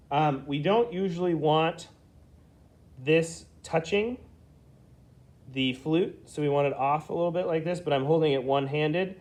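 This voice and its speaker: A man's voice: fairly high pitch, darkish tone. A man teaching a beginner flute lesson, explaining hand positions step by step and checking in often with "okay?". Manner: patient, explains slowly, checks in with frequent "okay?".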